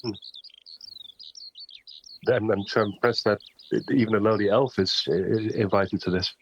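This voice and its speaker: A man's voice: lowish voice, steady tone, measured pace, muffled recording, slight background noise. A man playing a stammering, timid elf. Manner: stammering, hesitant. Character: timid, humble male elf, an outcast.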